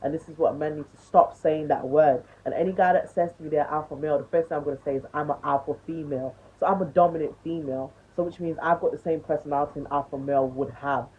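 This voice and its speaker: A woman's voice: sits low, fairly even intonation, quick pace, hardly any pauses, breathy edge. A woman in her twenties ranting bluntly to camera, swearing and lecturing, on tinny phone-like audio. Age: 20s. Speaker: vlogger.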